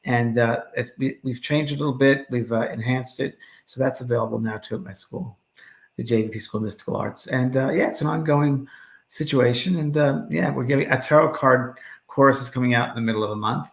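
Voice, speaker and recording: Guy with a gravelly voice, jokey and animated, chatting in an echoey room. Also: mid-range voice, brisk. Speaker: medium and show co-host. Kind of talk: casual chat.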